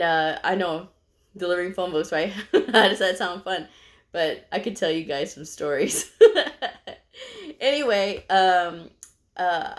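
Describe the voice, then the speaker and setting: A middle-aged woman from Texas who vlogs about medical coding, telling a personal story to camera in a chatty way, full of "you know" and small fillers. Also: lowish voice. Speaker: medical coder vlogger.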